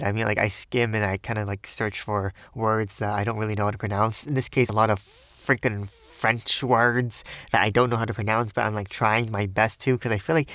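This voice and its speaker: A man's voice: fairly low pitch, fairly bright tone, no echo, clean studio sound. A man who narrates audiobooks, reading and then chatting casually in a rambling, self-deprecating way full of fillers.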